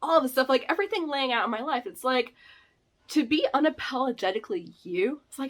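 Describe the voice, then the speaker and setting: A woman's voice: high-pitched, normal speed. A woman in her thirties hosting a vlog, telling a story casually with many fillers and laughs. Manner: animated, filler-heavy, laughs often. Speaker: vlog host.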